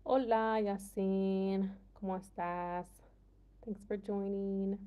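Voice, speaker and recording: A woman's voice: medium pitch, little pitch movement, takes it slowly, mellow, clean tone. A young American woman from the Midwest with a Midwestern accent, chatting casually with viewers on a livestream, laughing often and saying "like" a lot. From United States, Midwest. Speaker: livestream host.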